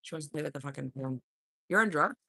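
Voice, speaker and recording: A woman chatting live from her home with a bright, sharp edge to her voice. Her pitch swings widely as she swears freely, laughs and roasts her viewers in a loose, rowdy way. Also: animated, fast talker, vocal fry, no room sound. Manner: profane, loud, laughs often, teasing. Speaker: livestream host. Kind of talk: casual livestream chat.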